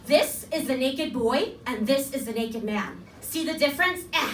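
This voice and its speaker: A woman's voice: high voice, expressive, normal speed, a little hiss or hum, voice pushed down. A woman voicing a blunt middle-aged mom who lectures her daughter in a frank, matter-of-fact way, heard from a stand-up stage. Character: blunt middle-aged mom giving a crude sex talk. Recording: echoey club, distant mic, loud crowd.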